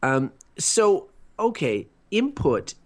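Lively, animated male podcast co-host. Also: sits high, slow. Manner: inquisitive, joking, lively up-and-down delivery. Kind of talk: casual chat.

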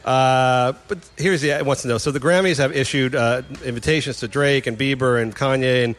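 A man hosting a casual chat, opinionated and quick to laugh. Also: mid-range voice, fairly even intonation, a bit bright. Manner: fast, opinionated, laughs often.

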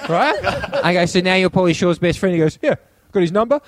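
A man's voice: high voice, animated, fast, no echo. An Australian man co-hosting a podcast, telling anecdotes in casual chat, laughing often and acting out his friends' lines. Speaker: podcast co-host.

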